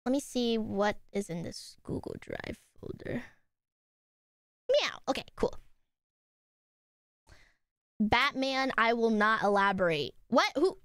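A young woman streamer chatting casually with her viewers, bubbly and quick to squeal and laugh. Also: a little high, animated, fairly bright tone, dry recording, studio quality.

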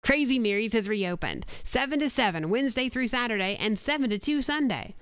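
A woman's voice: fairly high pitch, lively intonation, a little fast, clean tone, no room sound. A woman voicing a local radio commercial with an upbeat, punchy announcer delivery. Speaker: commercial voice-over artist.

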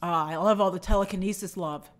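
Talking fast in a lowish voice, a woman hosts a laid-back movie channel live stream. She reads out what viewers ask and responds in a chatty, opinionated manner.

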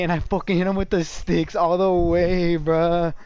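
A man streaming a game live, shouting and swearing excitedly, repeating phrases over and over. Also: high voice, a little fast, smooth, dry recording. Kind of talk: hyped live gaming commentary.

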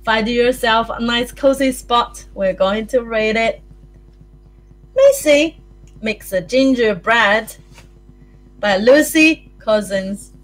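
A woman with a New Zealand accent leading a circle-time lesson for young children, with a sing-song, animated way of talking. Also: a little high, slow pace, long pauses. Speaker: early childhood teacher.

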